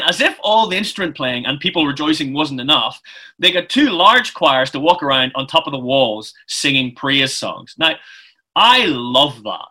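A man's voice: on the high side, pushed and bright. A man giving a chatty, informal sermon, often restarting his phrases. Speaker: preacher.

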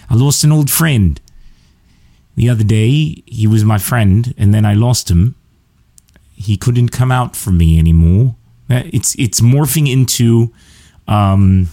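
A man's voice: mid-range voice, dark tone. A man hosting his comedy podcast, talking straight to listeners in a rambling, self-mocking, chatty way. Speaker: podcast host. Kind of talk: casual comedic monologue.

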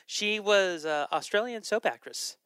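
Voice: mid-range voice, lively intonation, unhurried, fairly bright tone, clear, resonant tone, dry recording. A podcast host in a casual movie chat, talking loosely with ums and frequent laughs. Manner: chatty, laughs often, trails off with ums.

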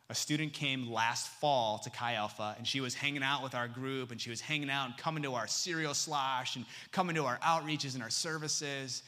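A young adult man, a campus missionary, preaching a sermon full of stories and acting out dialogue with sudden pitch jumps. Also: bright, forceful tone.

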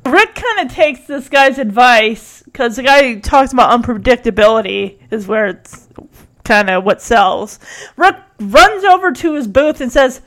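A woman's voice: lively intonation, measured pace, a bit bright. A woman giving casual, opinionated commentary while reacting to a TV episode. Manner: chatty, opinionated, drifting pitch with mimicry.

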